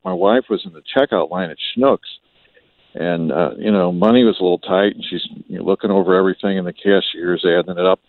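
A man's voice: sits low, no room sound. A middle-aged man calling in to a radio show, telling a funny family story in a folksy, wry way. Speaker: caller. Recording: muffled phone line.

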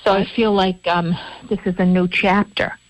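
A woman's voice: mid-range voice, flat delivery, normal speed, dry recording. A woman co-hosting a local radio talk show, telling a rambling story with many restarts. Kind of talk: casual radio chat. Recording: dry, dull-sounding radio studio audio.

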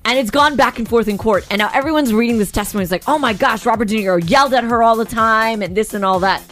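A woman's voice: fairly high pitch, fast, a bit bright, faint music behind. A woman co-hosting a morning radio show, chatting in a casual, opinionated way and laughing easily. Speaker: radio co-host.

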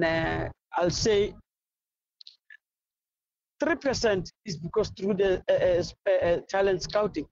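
A woman's voice: lowish voice, darkish tone, dry recording, lo-fi sound. A South African woman football coach answering interview questions in an effusive, rambling storytelling way.

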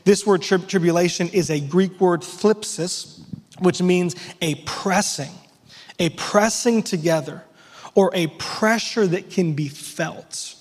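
A male pastor with a high voice delivers an emphatic sermon, breaking into lively everyday asides. His voice rings out with a long reverb tail, as in a church sanctuary. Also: takes it slowly.

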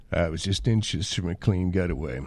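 A man's voice: deep voice, background noise, voice pushed down. A man doing a celebrity impression of a manic, eccentric older male scientist who drawls and cackles. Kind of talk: celebrity impression in comic skit.

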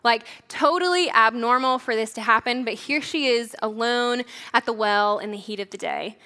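A young woman giving a sermon in a relaxed, chatty way, often saying "like". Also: fairly high pitch, normal speed. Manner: casual, chatty, says "like" often. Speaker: church leader preaching. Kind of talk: conversational sermon.

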